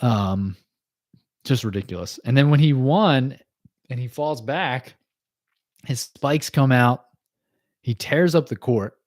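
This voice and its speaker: A man hosting a casual livestream, talking through cartoon episodes with easy laughs and plenty of filler words. His voice sits at an ordinary middle pitch. The sound is dry and close, with no room around it. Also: darkish tone, dry recording. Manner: chatty, laughs often, many fillers and quick asides. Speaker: podcast host.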